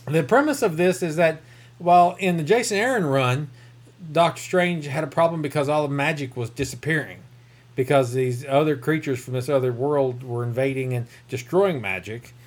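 A man's voice: on the high side, moderate pace. A man with a rural Southern American accent, rambling through a casual comic book review with self-corrections and chuckles. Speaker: comic book podcast host.

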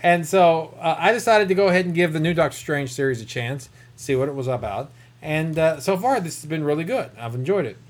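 A man's voice: on the high side, expressive, a little fast. A man with a rural Southern American accent, rambling through a casual comic book review with self-corrections and chuckles. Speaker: comic book podcast host.

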